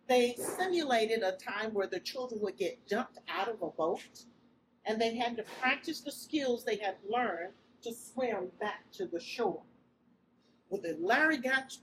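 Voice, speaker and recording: A woman's voice: mid-range voice, far from the mic. A woman giving an emotional inspirational speech, telling a story expressively to an audience. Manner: expressive storytelling, breaks into loud cries when acting out quotes. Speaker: speaker sharing a story with an audience. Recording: speech recorded with steady background noise.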